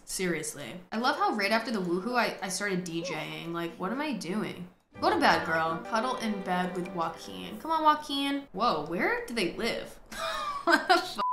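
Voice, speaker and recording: A woman hosting a gameplay video, chatting excitably, swearing and talking to the characters on screen. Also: mid-range voice, reverberant. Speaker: gaming host. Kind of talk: casual gameplay commentary.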